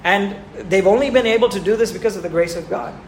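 A man's voice: high-pitched, fast talker. A man preaching a sermon who asks his listeners questions and repeats words for emphasis. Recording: echoey room with faint ambient noise.

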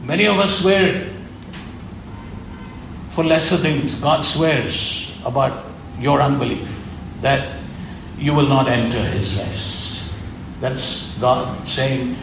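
A man's voice: medium pitch, unhurried, creaky, pauses often. A man preaching a sermon with earnest, emphatic repetition. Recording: echoey room with faint ambient noise.

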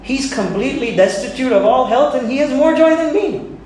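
A man's voice: extremely high pitch, lively intonation, normal speed, darkish tone, slight background noise. A male pastor preaching a sermon in an earnest, conversational way, chuckling now and then. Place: church sanctuary. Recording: very echoey church hall.

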